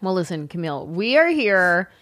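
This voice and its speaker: A woman in her forties hosting a podcast in casual chat, playful and expressive. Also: fairly low pitch, normal speed. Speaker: podcast host.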